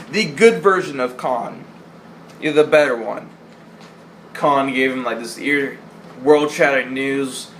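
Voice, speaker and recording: A young vlogger with a somewhat high, slightly bright voice casually lists his favorite movie lines, swearing, joking and doing goofy impressions of the quotes. A little hiss or hum sits under the recording.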